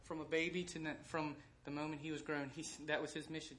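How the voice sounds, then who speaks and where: A man preaching a sermon, shifting between loud proclamation and soft, hushed passages. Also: a little high, little pitch movement, fast, slight background noise. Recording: echoey room with faint background ambience.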